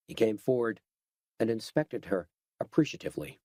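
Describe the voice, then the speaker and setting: A man's voice: on the low side, lively intonation, a little slow, darkish tone, no echo. Male audiobook narrator, dry sound. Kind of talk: scripted horror narration.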